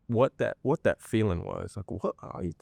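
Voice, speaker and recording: A man telling his personal faith testimony in an interview, earnest and halting, with many pauses and restarts. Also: on the low side, creaky, a little mellow, no echo, studio quality. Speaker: guest sharing a personal testimony.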